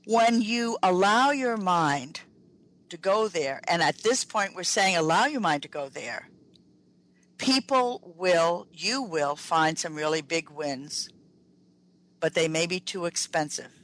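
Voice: medium pitch, animated, takes it slowly, fairly bright tone, rough recording. A radio host giving an emphatic lecture-style talk as a workplace trainer, repeating key phrases and speaking straight to the listeners.

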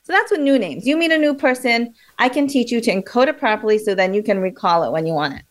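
Woman, fairly high voice, memory coach, interview guest, lively teacherly explaining. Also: fast talker. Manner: lively, teacherly, demonstrates with examples.

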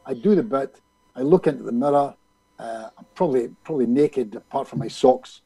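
A man, a hypnotist being interviewed, telling a story in an animated way and acting out other people's lines. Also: medium pitch, fairly quick, breathy edge, rough recording. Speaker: hypnotist guest.

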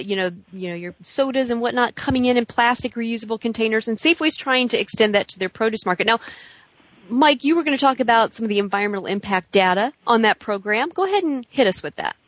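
A woman's voice: fairly high pitch, no room sound, dull audio. A woman hosting a radio talk show, chatting upbeat and enthusiastically with listeners and guests.

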